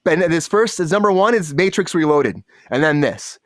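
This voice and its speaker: A high-voiced man hosts a relaxed entertainment news chat. He talks conversationally, often repeating his openings before asking the others what they think. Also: normal speed, no room sound, studio quality. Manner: conversational, asks questions, repeats himself. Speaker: host. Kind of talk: casual chat.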